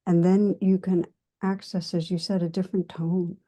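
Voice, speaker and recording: A woman host leads the conversation in a gentle, measured voice. Her pitch is lowish and her tone is soft and mellow. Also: flat delivery. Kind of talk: interview conversation.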